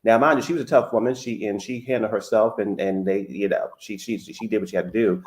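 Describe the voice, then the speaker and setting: A man calling in to a show who speaks earnestly, with hesitant, halting phrasing. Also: fairly low pitch, fairly even intonation, a little mellow. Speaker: caller. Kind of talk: casual call-in chat.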